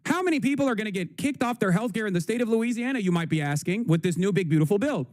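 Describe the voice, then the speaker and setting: A man's voice: high voice, animated, fast, a little mellow, no echo, clean studio sound. A man hosting a livestream, giving profane, combative and sarcastic political commentary. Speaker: livestream host.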